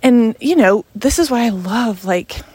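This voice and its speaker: A woman's voice: fairly high pitch, expressive, unhurried, a little mellow, husky. A woman hosting a podcast and coaching on sales, talking in a casual monologue that is earnest and emphatic, with many "like" and "you know" asides.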